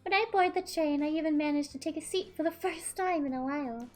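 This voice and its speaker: Girl doing a smug creepy psycho girl voice, low and hushed, reading a visual novel, high pitch. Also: a little fast, soft background music, natural voice. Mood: smug, gloating. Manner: cold, smirking, low and quiet delivery. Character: smug psychopathic young woman who fakes deaths.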